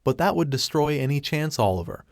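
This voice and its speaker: Dry, steady male story narrator. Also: fairly high pitch, brisk, vocal fry, dry recording. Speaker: fan fiction reader. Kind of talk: narrating a fan fiction story.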